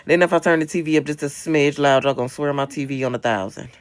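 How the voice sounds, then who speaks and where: A woman in her late twenties chatting on a livestream in a blunt, profane, animated way. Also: low-pitched, fast. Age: late 20s. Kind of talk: casual livestream chat.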